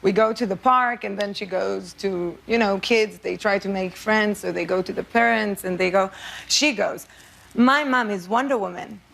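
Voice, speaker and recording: A mother on a talk show calmly telling a story about her young daughter. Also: mid-range voice, moderate pace, gravelly, poor audio. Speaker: celebrity guest, mother.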